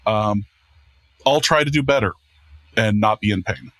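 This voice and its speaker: A man who hosts and produces a podcast speaks into a podcast microphone in a low-ish, unhurried, slightly bright voice without echo. He's casual and self-deprecating, rambling along and restarting his sentences.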